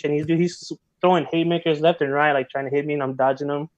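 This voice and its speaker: A man guest on a podcast, telling a story in casual chat, animated and full of slang and filler words. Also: a little high, fast talker, no room sound, highs cut off. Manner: animated, heavy slang, many filler likes.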